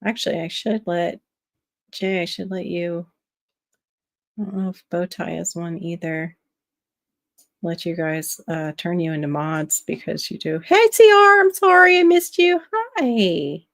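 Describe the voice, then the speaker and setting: A woman's voice: lowish voice, measured pace, gravelly, long pauses, a bit bright, no room sound, studio quality. A woman from Florida with a nasal voice hosts a casual gardening livestream, chatting with viewers and answering their comments aloud. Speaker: livestream host.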